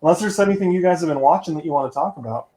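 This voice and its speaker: A man hosting a podcast in casual chat, upbeat and quick to laugh. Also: fairly high pitch. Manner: laughs often, lively and upbeat. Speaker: podcast host. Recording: roomy echo.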